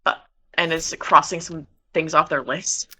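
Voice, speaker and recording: A woman's voice: low-pitched, steady tone, unhurried, bright, forceful tone, breathy edge. A woman player casually describing her character's actions in a tabletop game, often laughing.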